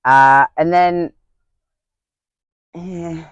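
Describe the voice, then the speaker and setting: A man's voice: on the high side, steady tone, drawn-out words, clear, resonant tone, dry recording, dull audio. Campy, theatrical young man. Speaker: guest. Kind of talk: casual interview chat.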